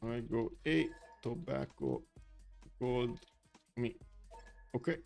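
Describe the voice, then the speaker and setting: A man's voice: medium pitch, sing-song, slow pace, gravelly, darkish tone, faint music behind. A man giving live stream commentary on a strategy game, chatty and thinking aloud with many fillers. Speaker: game caster.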